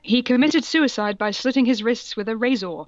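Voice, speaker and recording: A woman's voice: a little high, moderate pace, no room sound, highs cut off. A woman co-hosting a podcast, reading fan fiction aloud with mocking, laughing asides. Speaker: podcast co-host.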